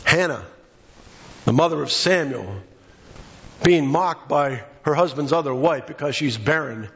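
A man's voice: fairly high pitch, unhurried, fairly bright tone, highs cut off. A man preaching a sermon with passion, acting out the voices of the people in his story. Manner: impassioned, acts out quoted voices.

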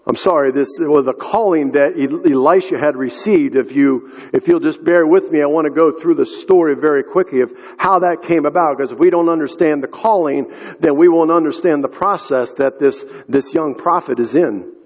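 A pastor with a somewhat high voice preaches at a moderate pace, telling a story earnestly and addressing the congregation directly. The recording is dull and lo-fi, made in an echoey hall.

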